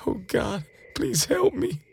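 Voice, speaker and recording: A man's voice: on the high side, measured pace, creaky. An actor playing a terrified man recounting an alien examination, in a shaken, pleading first-person retelling. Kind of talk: dramatized first-person account.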